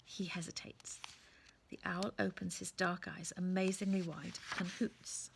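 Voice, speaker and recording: A woman reads a children's storybook aloud in a gentle, often hushed way. Her voice is low, gravelly and husky. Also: little pitch movement, a little slow. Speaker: reader of a children's book.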